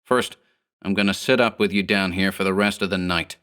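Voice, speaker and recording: A man's voice: low voice, fairly even intonation, brisk, fairly bright tone, smooth. A cocky gang boss as a man plays him snarls in old-time gangster slang. He sounds harsh and scornful throughout. It is a character voice in a horror audiobook. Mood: mocking. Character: short sallow male 1930s gang boss, scornful, cocky.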